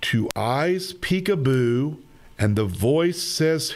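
A man reading a children's picture book aloud in a slow, expressive, sing-song manner. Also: medium pitch. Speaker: storyteller.

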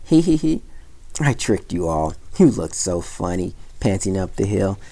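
A man voicing a mischievous shepherd boy who shouts high and loud, in a storybook reading. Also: animated, normal speed. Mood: gloating. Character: mischievous shepherd boy, boastful then scared.

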